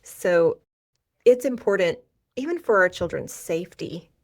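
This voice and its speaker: A middle-aged woman hosting a podcast, who affirms her guest and agrees warmly. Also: on the low side, animated, measured pace. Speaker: podcast host. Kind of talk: podcast interview conversation.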